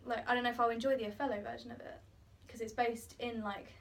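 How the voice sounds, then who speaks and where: A woman's voice: fairly high pitch, flat delivery, fast, gravelly. A young woman in a casual drama class discussion, chatty and articulate, full of "like". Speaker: drama student. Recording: voice from a distance.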